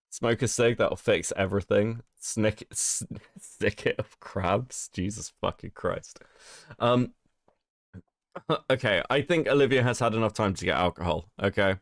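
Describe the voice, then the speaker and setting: Hosting a relaxed livestream while ill, a man with a cold-roughened voice reads out chat messages, swearing openly and laughing frequently. His pitch rises and falls a great deal. The sound is close and dry, with no room sound at all.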